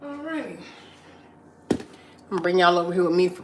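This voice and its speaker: A mother live-streams casually from home while cleaning, chatting with viewers, reading their comments, encouraging them, and repeating her phrases. Her fairly low voice is animated and fairly quick. The room is echoey, with heavy background noise.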